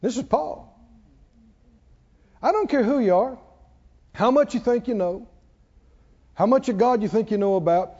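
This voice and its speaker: A male preacher with a strikingly high voice delivers an impassioned sermon, rising to forceful peaks and falling back to quiet passages. The recording is dull and lo-fi. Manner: impassioned, rising to loud peaks and dropping low. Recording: dull lo-fi sound.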